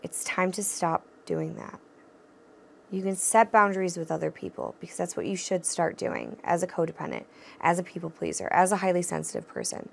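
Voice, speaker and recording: A woman's voice: fairly low pitch, sing-song, brisk, vocal fry, slight background noise. A young woman hosting a casual solo podcast, talking straight to her listeners in a candid, encouraging way, swearing freely and laughing often. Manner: encouraging, addresses listeners directly. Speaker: podcast host.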